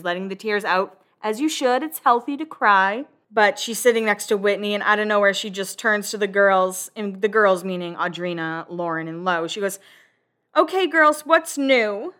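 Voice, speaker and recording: A young woman chats through a show recap in a bright, forward voice. She talks loosely and swears freely as she goes. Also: mid-range voice, normal speed. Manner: chatty, swears freely, quotes people in animated voices. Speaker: podcast host recapping a reality show. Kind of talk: casual recap chat.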